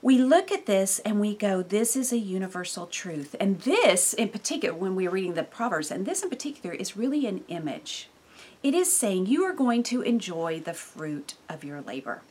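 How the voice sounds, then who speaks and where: A woman living in California gives a casual devotional Bible talk, animated and laughing often, with sudden bursts of loudness. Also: medium pitch, moderate pace, slightly rough. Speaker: Bible teacher.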